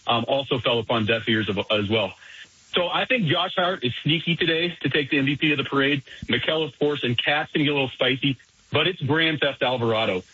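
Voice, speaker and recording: A man's voice: mid-range voice, brisk, bright, forceful tone, breathy edge, no echo. A man phoning in to a sports radio show, joking and playful. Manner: jokey, playful. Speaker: caller. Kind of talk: phoned-in radio chat. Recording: slightly muffled radio line.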